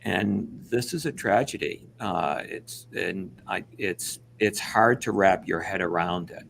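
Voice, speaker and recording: A man's voice: deep voice, measured pace, gravelly, a bit bright, slight background noise. A man speaking earnestly and reflectively as a guest on a panel discussion, often restarting his sentences.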